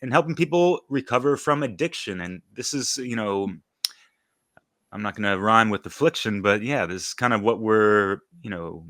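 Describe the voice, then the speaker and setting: Bright-voiced joking male host. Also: on the low side, animated, moderate pace, no echo, clean studio sound. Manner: joking, loose, swears casually. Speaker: podcast host. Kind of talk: casual chat. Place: broadcasting remotely.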